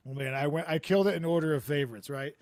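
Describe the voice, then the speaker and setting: A man hosting a comedy podcast over a video call, telling rambling stories with deadpan absurd jokes. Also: a little high, very fast, no echo, studio quality. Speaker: podcast host. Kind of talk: casual comedic chat. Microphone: remote video call.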